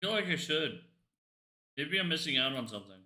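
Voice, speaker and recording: Male streamer, loose jokey game chatter, very bright tone, roomy echo. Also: a little high, sing-song, a little fast. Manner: rambling, jokey, talks to himself. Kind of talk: casual livestream chat while gaming.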